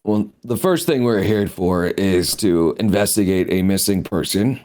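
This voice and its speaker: A man plays a tabletop role-playing game in a calm, matter-of-fact way. His voice sits on the low side. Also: measured pace. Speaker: player. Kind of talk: casual tabletop role-play.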